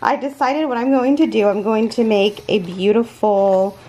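A woman hosting a crochet channel, gushing and stammering with excitement as she opens packages from followers. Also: on the high side, moderate pace, rough recording. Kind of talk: excited unboxing vlog.

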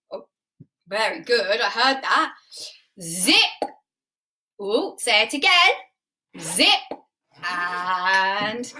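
A woman's voice: fairly high pitch, pushed and bright. A woman leading a live online music and drama class for toddlers, talking in a sing-song, exaggerated storytelling way with gasps and coaxing questions. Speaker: children's music and drama teacher. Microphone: webcam or phone on a stand.

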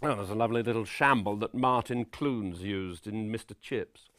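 A man playing a vain, pompous middle-aged character actor, lecturing on his craft in a deadpan, self-regarding way. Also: lowish voice, moderate pace, a little hiss or hum, lightly acted. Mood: self-important. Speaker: actor giving acting advice. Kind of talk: deadpan spoof documentary address.

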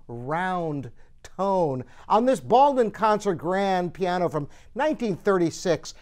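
Man, higher voice with a smooth resonance, enthusiastic store host showing off an instrument. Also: a little mellow. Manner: enthusiastic, admiring. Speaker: piano store host and pianist. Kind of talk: product demonstration talk.

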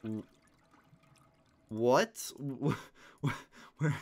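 A young man livestreaming a game, talking excitedly with many stammered restarts and frequent laughs. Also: medium pitch, extremely slow. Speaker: gaming livestreamer. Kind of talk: live gameplay commentary.

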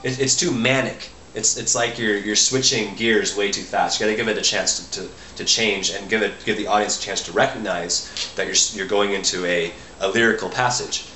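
A man teaching violin, explaining musical phrasing in a halting way and often restarting his sentences. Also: lowish voice, fairly even intonation, sharp tone. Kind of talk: instructional explanation between playing. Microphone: camera mic. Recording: echoey room with violin playing.

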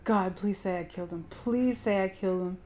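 A woman giving anxious let's-play commentary, yelping and shouting at enemies. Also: mid-range voice, brisk. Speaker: gaming streamer.

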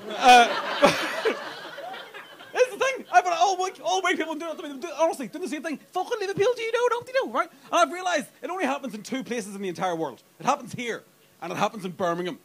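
Animated Northern Irish comedian in his thirties. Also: very high-pitched, fast, creaky. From Northern Ireland. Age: 30s. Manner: animated, swearing, mimics crowd accents with sudden loud outbursts. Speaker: stand-up comedian. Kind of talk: stand-up comedy set. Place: comedy club stage.

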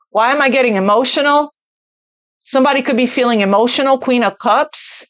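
A woman with a somewhat high voice talks her way through a tarot spread off the cuff. She speaks earnestly, as if passing on messages she senses, and repeats words to press her point. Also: a little fast. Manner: repeats phrases for emphasis. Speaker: tarot reader. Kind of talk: spontaneous tarot card reading.

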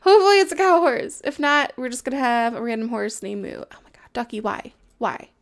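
High-voiced playful woman gaming. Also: brisk. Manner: playful, talks to in-game animals, excitable outbursts. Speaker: gameplay commentator. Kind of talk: casual let's-play commentary.

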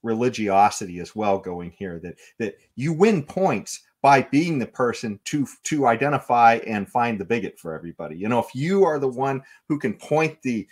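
A man's voice: medium pitch, lively intonation, normal speed, few pauses. A man co-hosting a political talk show, conversational, stammering and often laughing. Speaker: podcast co-host. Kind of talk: political commentary.

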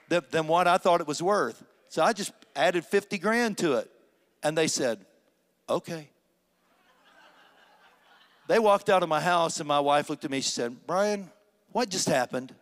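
An older man preaches from the pulpit, telling his story in a fairly high voice. He acts out each conversation and climbs to emphatic peaks. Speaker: pastor. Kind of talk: sermon testimony. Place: church sanctuary.

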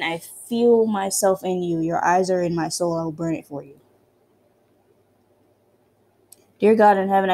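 A woman's voice: lowish voice, a little mellow, natural voice. A woman gives voice to a frail, blind old priest in a horror game. He preaches in a solemn tone and chants his prayers with fervour. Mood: chanting. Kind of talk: reading game dialogue aloud.

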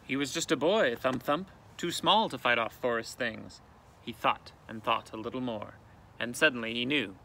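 A male teacher reading a picture book aloud with expressive, dramatic storytelling, outdoors in a canoe. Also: mid-range voice, moderate pace, gravelly.

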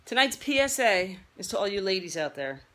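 A woman's voice: medium pitch, big pitch swings, fairly quick, fairly bright tone. A woman fitness trainer delivering a blunt, scolding rant as a public service announcement, brash and fired-up and casually swearing.

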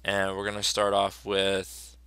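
A man's voice: fairly low pitch, completely flat delivery, unhurried, bright, forceful tone, clear, resonant tone, no room sound. A man teacher giving a casual, upbeat review of his students' work, chatty and full of fillers.

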